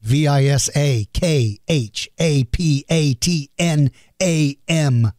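Podcast host, male, fairly high voice, dry close-mic sound, chatty and earnest, self-deprecating. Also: slow, darkish tone, dry recording. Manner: earnest and chatty, explains with simple comparisons; self-deprecating and apologetic over hard names. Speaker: podcast host answering listener questions. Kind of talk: casual podcast Q&A.

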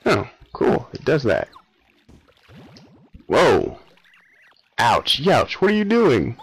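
A man's voice: medium pitch, huge pitch swings, very slow, vocal fry, breathy edge, dry recording, low-quality recording. Offhand young man commenting on a game. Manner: offhand, sarcastic, mumbling asides. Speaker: let's play host. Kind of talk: casual gameplay commentary.

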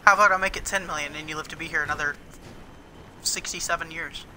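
High-voiced young man, teasing calmly. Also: fast, noisy background. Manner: teasing, calm, laughing. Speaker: gamer driving. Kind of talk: casual gameplay chat.

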